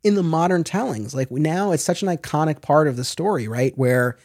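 A podcast host talking in casual chat, his voice a little higher than most men's and swinging widely in pitch. He is animated and keeps stopping to correct himself. The sound is close and dry. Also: a little fast, no room sound.

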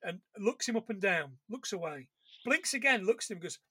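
A man's voice: high voice, expressive, normal speed, bright, forceful tone, breathy edge, no room sound. A man co-hosting a casual podcast chat, a rambling storyteller who restarts and laughs as he goes. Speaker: podcast co-host. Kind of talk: casual chat about films.

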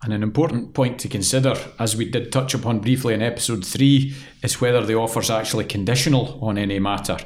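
A man's voice: on the low side, steady tone, fast, hardly any pauses, a little hiss or hum. A young man co-hosting a legal podcast, chatty and joking, who explains things step by step. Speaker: podcast co-host, employment lawyer. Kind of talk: casual chat and explaining.

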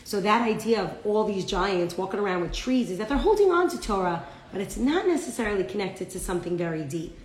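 A woman's voice: mid-range voice, animated, fairly quick, few pauses, echoey room, a little hiss or hum, low-quality recording. A woman teaching a live-streamed class, telling a story with animation and acting out the characters' lines. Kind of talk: live-streamed class, reading viewer comments.

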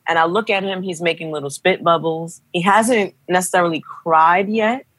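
A woman's voice: on the low side, moderate pace, dry recording. Dry-sounding young woman telling a story. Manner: animated, acts out quoted voices. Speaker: guest telling a birth story. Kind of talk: casual storytelling.

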